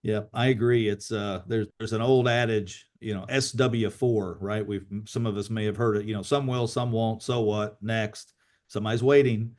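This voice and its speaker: A man's voice: fairly low pitch, steady tone, normal speed, darkish tone. A man hosting a team video call, telling motivational stories in a casual way, often restarting and repeating his words.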